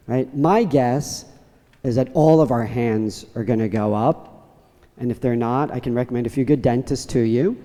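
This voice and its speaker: A priest delivers his homily to the congregation, telling a playful story with an easy storyteller's touch. His voice is mellow and even in pitch. Long church reverb trails behind each phrase. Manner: storytelling with humor. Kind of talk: sermon.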